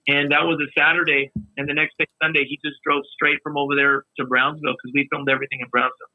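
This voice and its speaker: A man, a podcast guest, chatting casually in a relaxed way with many restarts. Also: on the high side, fast, dry recording. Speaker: podcast guest, musician and video maker. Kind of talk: casual chat. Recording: tinny phone-line sound.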